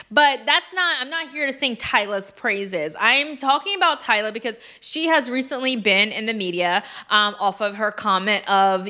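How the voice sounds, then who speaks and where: A woman giving casual commentary on a vlog, chatty with quick asides and lots of fillers. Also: on the high side, sharp tone. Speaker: commentary vlogger.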